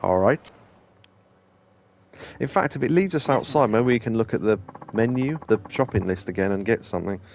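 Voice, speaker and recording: A man's voice: lowish voice, animated, normal speed, creaky, pauses often, darkish tone, a little hiss or hum. A man hosting a let's play, talking casually and rambling with plenty of ums and asides. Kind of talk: casual gameplay commentary.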